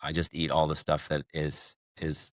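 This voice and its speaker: Low-voiced man chatting casually. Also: monotone, moderate pace, no echo. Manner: rambling, self-correcting, laughs between thoughts. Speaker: podcast guest. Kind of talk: casual conversation.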